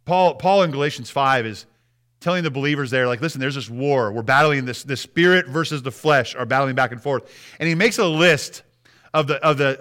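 A man's voice: medium pitch, fairly bright tone. A man preaching a sermon as pastor, talking conversationally and asking the congregation frequent rhetorical questions.

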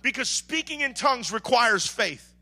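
A man preaching a sermon as pastor, swinging between quiet talk and shouted calls to the congregation. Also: very high-pitched, animated, normal speed. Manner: preaches with sudden shouts and call-and-response.

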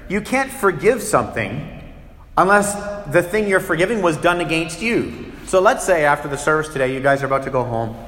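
Pastor preaching in an echoey hall. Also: male voice, high-pitched. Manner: animated, acts out little scenes with shifting voices. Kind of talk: sermon.

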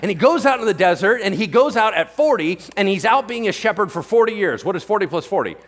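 Animated, husky male pastor preaching. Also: high-pitched, fast. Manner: animated storyteller, casual slang, keeps asking "right?". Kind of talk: sermon.

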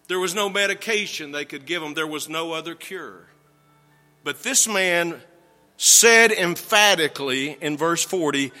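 A male pastor preaching an earnest sermon with slow, emphatic phrasing that drops low at the ends of lines. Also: bright, forceful tone, long reverb tail.

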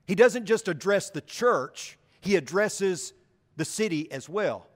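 A man's voice: high-pitched, lively intonation, slow. A man preaching a sermon in a conversational way, asking his congregation questions. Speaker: pastor. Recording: reverberant hall.

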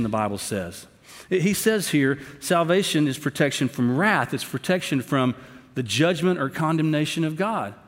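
Impassioned male pastor in an echoing hall. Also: fairly high pitch. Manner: impassioned, pleading, animated delivery. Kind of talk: sermon. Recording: long hall reverb.

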